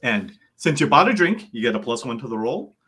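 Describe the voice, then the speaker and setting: A man narrating a tabletop game as game master, describing scenes lively. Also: mid-range voice, brisk, husky. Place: home setup, online session.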